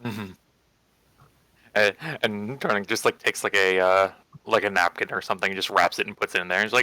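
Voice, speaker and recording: A man's voice: lowish voice, steady tone, moderate pace, bright, forceful tone, no echo. A man playing a tabletop game, describing his character's actions in a loose, rambling way. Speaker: player. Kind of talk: casual tabletop play.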